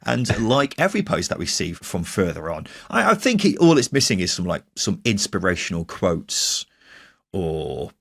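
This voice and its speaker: Low-voiced chatty man with a lively pitch. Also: moderate pace, gravelly, no echo. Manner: chatty, laughs often, drifts up in pitch when joking. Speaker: podcast co-host. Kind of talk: casual football podcast chat.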